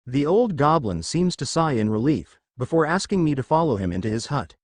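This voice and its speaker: Man, fan fiction narrator, expressive, lively pitch. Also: a little fast, few pauses, no room sound.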